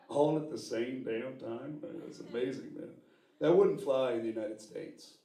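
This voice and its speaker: A man from New York City doing a stand-up comedy set, animated and profane, laughing at his own jokes and slipping into put-on voices. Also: mid-range voice, moderate pace. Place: live comedy venue with audience. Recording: roomy, distant live room sound with noise.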